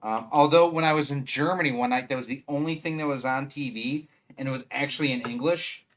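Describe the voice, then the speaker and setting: A man's voice: mid-range voice, brisk, slight background noise. A man with a Wisconsin accent chatting casually on a live stream, rambling and thinking aloud as he assembles a 3D printer.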